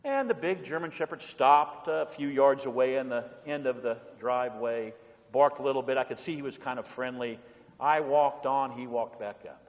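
A middle-aged man, a pastor, preaching a sermon with lively storytelling, swinging between bold and hushed delivery. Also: mid-range voice, moderate pace. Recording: long hall reverb.

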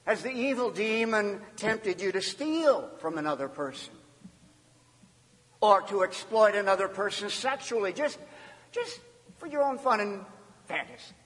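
Male pastor, measured, deliberate sermon delivery with emphatic loud-to-hushed swings, long hall reverb. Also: high voice, animated.

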